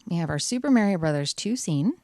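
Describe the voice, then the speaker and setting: A woman's voice: fairly low pitch, expressive, quick pace, darkish tone, dry recording. A woman hosting her channel, chatting cheerfully through card packs with wry asides. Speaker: channel host. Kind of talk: casual card-opening commentary.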